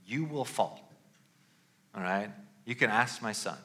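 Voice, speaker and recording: A man's voice: fairly low pitch, expressive, measured pace, sharp tone. A middle-aged male pastor giving a sermon in a loose, conversational way, often checking in with "all right?".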